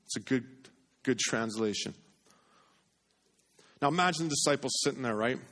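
A man preaching a sermon in an earnest way, repeating phrases for emphasis and dropping to a hush on key points. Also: medium pitch, moderate pace. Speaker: pastor.

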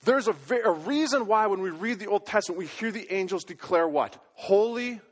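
A man's voice: high-pitched, expressive, fairly quick. A man preaching a sermon as pastor, emphatic and stressing words by repeating them. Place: church sanctuary. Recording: long reverb of a large hall.

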